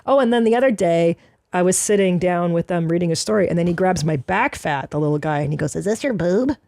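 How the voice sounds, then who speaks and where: A woman's voice: lowish voice, fast talker, a little mellow, dry recording, studio quality. A woman co-hosting a casual comedy podcast, blunt and crude with a jokey edge. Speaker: podcast co-host.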